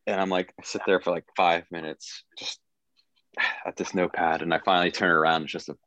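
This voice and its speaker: Man, very low voice, laid-back and joking, dull dry recording. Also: little pitch movement, fairly quick, a bit bright, dry recording. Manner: laid-back, joking, chuckles while telling stories. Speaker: guest recovering from a gunshot wound. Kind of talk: casual podcast interview storytelling.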